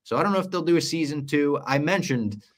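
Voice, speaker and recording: A fast-talking young man with a fairly high-pitched voice co-hosts a casual podcast. He recaps a series at length, animatedly acting out quoted lines as he goes.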